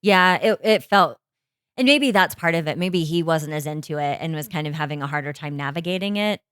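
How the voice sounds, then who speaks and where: A woman's voice: deep voice, a little fast, fairly bright tone, clear, resonant tone, dry recording, clean studio sound. A woman co-hosting a casual chat podcast, talking animatedly with frequent restarts. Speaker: podcast co-host.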